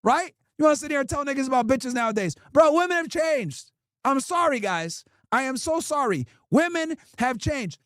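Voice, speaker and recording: High-voiced man ranting on stream. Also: lively intonation, moderate pace, fairly bright tone, no echo, studio quality. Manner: profane, blunt, emphatic ranting. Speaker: livestream host. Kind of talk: casual streaming rant reacting to clips.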